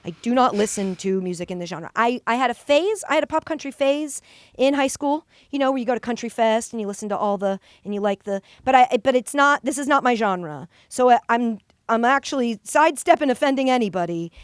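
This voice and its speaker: A woman's voice: fairly high pitch, lively intonation, brisk, smooth, dry recording, studio quality. A woman in her thirties hosting a podcast in casual chat, blunt and joking, swearing now and then. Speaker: podcast host.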